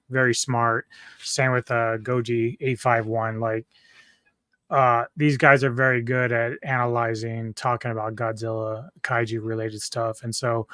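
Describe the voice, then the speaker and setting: A man's voice: mid-range voice, sharp tone, dry recording, clean studio sound. A man hosting a reaction video, ranting angrily and cursing often. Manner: profane, angry, ranting. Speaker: commentary YouTuber.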